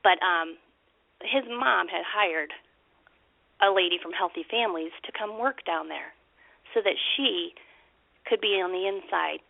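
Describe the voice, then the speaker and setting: A woman telling a painful story about her child on a podcast call, speaking haltingly with many restarts and acting out the quoted dialogue. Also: fairly low pitch, vocal fry, no echo. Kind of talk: emotional personal account on a call-in podcast. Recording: dry tinny phone line.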